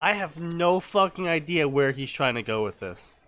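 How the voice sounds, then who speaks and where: A man co-hosting a comedy stream, reading fanfiction aloud with sarcastic commentary and sudden loud outbursts. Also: fairly high pitch, expressive, moderate pace.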